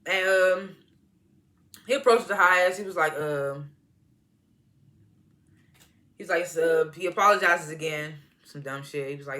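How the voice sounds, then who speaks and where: Brief: man, TV episode reviewer, casual slangy recap, fairly high and forceful voice, profane, laughs a lot. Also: unhurried, pauses often. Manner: slangy, profane, laughs often while recounting scenes.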